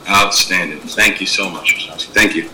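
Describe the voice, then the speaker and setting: A man's voice: sits low, a little fast, sharp tone, a little hiss or hum, rough recording. A man chairing a formal public board meeting as governor, courteous and thanking each speaker.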